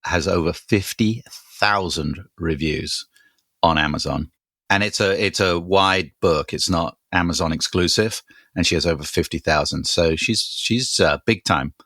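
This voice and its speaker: Low-voiced guy cohosting a podcast, jokey and rambly, dry close sound. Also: fairly bright tone, no echo. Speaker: podcast co-host. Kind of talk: casual chat.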